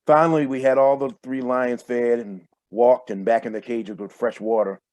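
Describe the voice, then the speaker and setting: A man reading his own first-person fiction aloud in a steady, measured way over a video call. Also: medium pitch, no echo. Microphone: computer mic on a video call.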